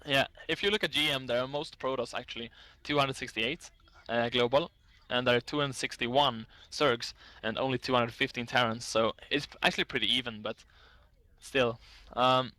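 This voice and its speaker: A man's voice: medium pitch, steady tone, normal speed, sharp tone, no room sound. A man casting an esports match, chatting casually and reading out statistics with frequent laughs. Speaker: esports caster.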